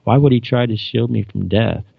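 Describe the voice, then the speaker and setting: A man's voice: mid-range voice, moderate pace, creaky, breathy edge, dry recording. A man reading out the lines of a resolute woman starship captain, in a plain, slightly raised delivery. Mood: defiant. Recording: dull lo-fi dry recording.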